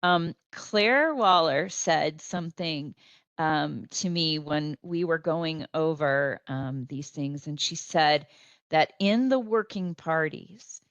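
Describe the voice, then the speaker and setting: Woman on a video call, halting. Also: low voice, dry recording, highs cut off. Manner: hesitant, many ums and restarts. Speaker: panelist on a remote link. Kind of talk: panel discussion.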